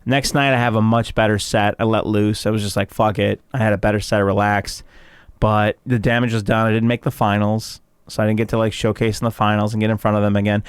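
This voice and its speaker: A male comedian from Chicago telling stories in casual podcast chat, animated and profane, acting out quotes in a raised voice. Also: lowish voice, fast, clear, resonant tone, dry recording. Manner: animated storyteller, swears freely, acts out quotes in a raised voice. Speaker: comedian guest.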